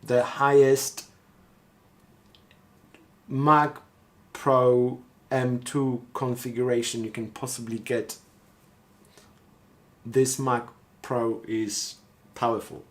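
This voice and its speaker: A man talks to his viewers on a live stream at an unhurried pace. He rambles and thinks out loud, often repeating his words. His pitch sits in an ordinary middle range. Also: little pitch movement. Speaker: street artist streaming live. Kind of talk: casual live-stream chat.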